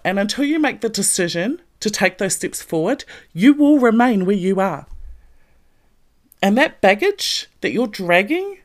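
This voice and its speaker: A woman giving a motivational talk, blunt and profane, lively and emphatic. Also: medium pitch, a little slow. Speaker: motivational podcast host.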